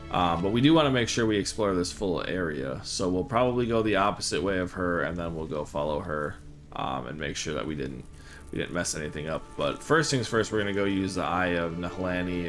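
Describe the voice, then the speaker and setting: This let's play host has a deep voice with a slight brightness to it. He chats casually and meanders while he plays, sometimes reading the game's text out loud.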